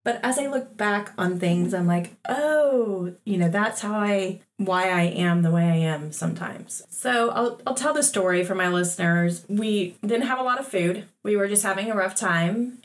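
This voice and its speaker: Reflective woman hosting a podcast. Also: medium pitch. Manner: warm reflective storytelling with frequent laughs. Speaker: podcast host and coach. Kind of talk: casual conversational storytelling.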